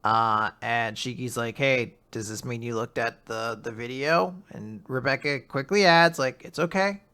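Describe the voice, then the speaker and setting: A young man co-hosting a casual manga recap, retelling chapters with animated quoted character lines. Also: mid-range voice, measured pace, clean tone. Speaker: podcast co-host.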